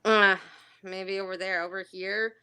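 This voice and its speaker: A woman's voice: mid-range voice, a little slow, clear, resonant tone. A woman, a former dietary aide, chatting casually and telling stories with frequent laughter. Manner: lively storyteller who laughs often. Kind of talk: casual chat.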